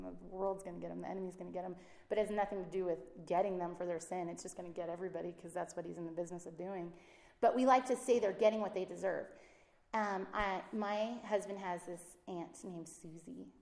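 A woman's voice: lowish voice, gravelly. A woman, a Christian speaker and mother, giving a casual faith talk and acting out the voices she quotes. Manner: animated, acts out quoted voices. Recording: roomy echo.

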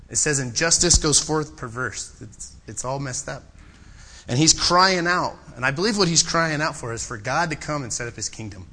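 A man preaching a sermon, swinging between loud, impassioned pleading and quiet, personal storytelling. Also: moderate pace. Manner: impassioned, rising to loud pleading then dropping low and personal.

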